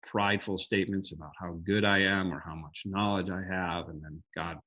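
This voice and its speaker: A man's voice: low voice, fairly even intonation, normal speed, sharp tone, lo-fi sound. A man giving an earnest, reflective devotional talk on a group call, quoting scripture with frequent restarts. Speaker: guest speaker sharing a devotional.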